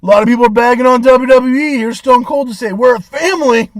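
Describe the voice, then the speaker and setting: A man's voice: very high-pitched, steady tone, fast, no echo. A man co-hosting a podcast in a casual chat, laid-back with lots of filler words and sarcastic bursts. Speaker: podcast co-host.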